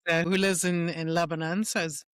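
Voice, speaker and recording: A woman's voice: lowish voice, level tone, quick pace, no room sound. A middle-aged woman guest in a casual podcast conversation, telling stories animatedly and laughing often between phrases.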